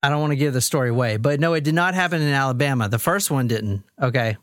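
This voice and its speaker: A man's voice: mid-range voice, quick pace, dry recording. Male podcast host, crude rambling joker, dry close mic. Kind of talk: casual banter.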